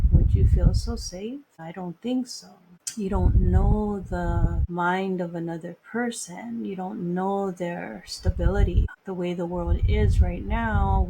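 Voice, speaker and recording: Slow, earnest woman hosting a podcast. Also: fairly low pitch, background noise. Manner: earnest, repeats phrases for emphasis. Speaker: podcast host; airport security screener. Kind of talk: personal reflection monologue.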